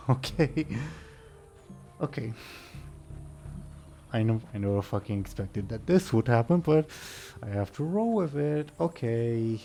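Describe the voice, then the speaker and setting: A man's voice: medium pitch, expressive, slow pace, vocal fry, long pauses, dark tone, faint music behind. A man running a tabletop game as game master, often chuckling and trailing off into muttered asides.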